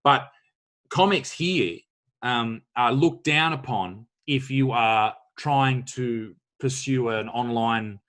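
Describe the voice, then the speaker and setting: A man's voice: mid-range voice, slow pace, a bit bright. A young Australian man hosting a casual podcast chat, blunt and swearing freely. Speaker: podcast host, comedian.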